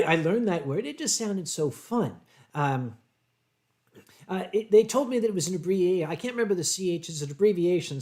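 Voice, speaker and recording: An older American man hosting a livestream, answering viewer chat in a rambling way with deadpan humor. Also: a little high. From United States. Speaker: livestream host.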